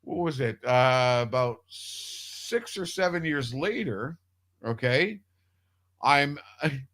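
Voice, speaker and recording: A man's voice: medium pitch, animated, slow pace, a bit bright, no echo. A man telling a long personal story in casual radio chat, rambling with restarts and swearing freely. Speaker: radio show guest.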